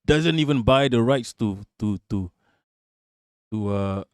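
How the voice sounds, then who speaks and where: A man's voice: medium pitch, animated, a little mellow, smooth, dry recording, clean studio sound. A man hosting a live stream, reacting to news clips with profane, laughing rants. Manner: ranting, profane, quick to laugh. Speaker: livestream host.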